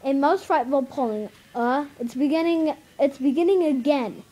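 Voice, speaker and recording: A woman's voice: sits high, normal speed, dark tone, close to an everyday voice, rough recording. A woman reading the part of a schoolboy who is breathless and alarmed, stumbling over words. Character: schoolboy Edmund, alarmed and bossy.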